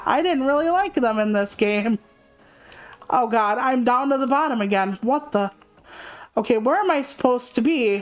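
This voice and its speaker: A woman's voice: on the high side, poor audio. A young woman streaming a game, chatting casually and candidly, rambling and swearing freely. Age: young adult. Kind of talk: casual gaming stream chat. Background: faint game music.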